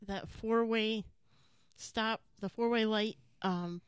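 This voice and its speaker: A mother tells a driving story in quick, profane bursts and gets louder as she goes. Her voice sits a little high. The sound is dry and close, with no room echo. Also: steady tone, smooth. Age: adult parent. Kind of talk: casual chat.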